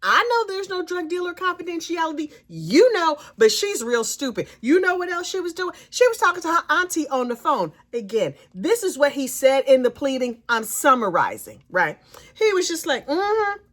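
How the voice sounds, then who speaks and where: A woman hosting a gossip channel, recapping news with animated, playful, sassy asides. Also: sits high, moderate pace.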